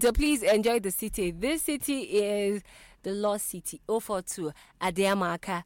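A woman's voice: mid-range voice, normal speed, no echo, soft background music. A young Nigerian woman talks live on air from a radio studio, bubbly and chatty. She fires off one greeting after another to her listeners. Her studio mic sound is close and dry, with no room sound at all. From southeast Nigeria. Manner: bubbly, chatty, laughs often, repeats greetings. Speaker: radio presenter. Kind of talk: lively radio show chat. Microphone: studio microphone.

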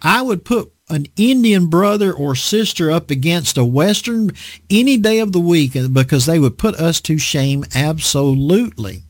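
A man's voice: on the high side, normal speed, dry recording, clean studio sound. A man preaching a conversational sermon, teaching a Bible lesson and asking his listeners rhetorical questions. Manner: animated, asks the audience rhetorical questions.

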